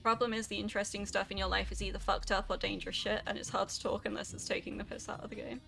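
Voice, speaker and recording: A woman's voice: medium pitch, flat delivery, fast talker, gravelly, bright, forceful tone, faint music behind. A young woman, chatting casually and swearing now and then while she streams a video game. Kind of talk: casual rambling while gaming.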